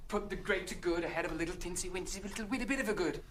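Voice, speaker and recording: A man's voice: high voice, very fast, a bit bright, a little hiss or hum. An actor playing a scheming male priest in a comedy film, evasive and coaxing as he talks.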